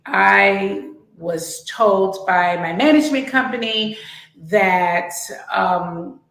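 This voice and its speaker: A woman telling a personal story to camera in a measured way, with filler words, recorded with a roomy echo. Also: mid-range voice, gravelly, fairly bright tone.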